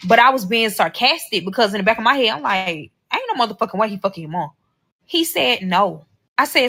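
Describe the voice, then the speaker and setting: A woman's voice: fairly high pitch, animated, fairly quick, a bit bright. A young woman telling a personal story from a social media clip, blunt and swearing freely. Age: young adult. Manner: blunt and heavy on cursing. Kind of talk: casual storytelling.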